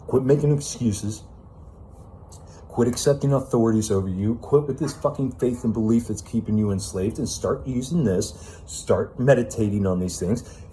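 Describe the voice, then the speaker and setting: A man's voice: medium pitch, normal speed, dark tone, slight background noise. A man giving an unscripted self-help monologue, ranting with emphatic profanity and casual fillers like "man" and "you know.".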